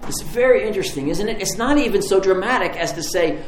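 A man's voice: high voice, lively intonation, quick pace, a little hiss or hum. A man preaching a sermon as pastor, telling stories in a conversational, vivid way. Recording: roomy hall, faint ambience.

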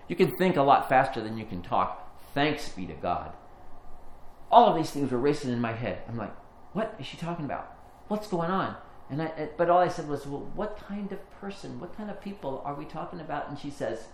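Man, pastor, earnest sermon storytelling, slightly high voice, echoey church room, faint background hum.

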